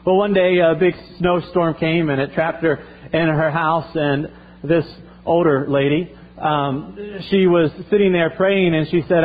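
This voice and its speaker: A man's voice: fairly high pitch, fairly even intonation, measured pace. Earnest male pastor preaching. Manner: earnest, repeats himself, restarts phrases. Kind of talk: sermon. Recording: tinny phone-like sound.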